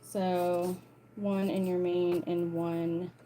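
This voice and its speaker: A woman's voice: on the low side, level tone, drawn-out words, dark tone, slight background noise, rough recording. A woman leading a casual sewalong tutorial, chatting and thinking aloud as she plans and cuts her fabric pieces. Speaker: sewing instructor.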